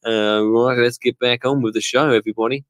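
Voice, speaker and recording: A man's voice: mid-range voice, steady tone, fairly quick, background noise, lightly acted. A man putting on a hammy mock Australian accent. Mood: jokey. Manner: hammy, rambling, self-mocking. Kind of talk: podcast plug in a put-on accent.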